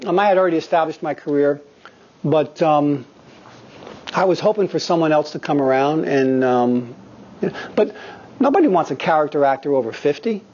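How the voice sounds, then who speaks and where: Profane animated man in his fifties. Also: a little high, moderate pace, a little hiss or hum. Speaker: guest actor speaking to acting students. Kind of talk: candid anecdotal talk. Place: acting studio. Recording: slightly dull lo-fi recording.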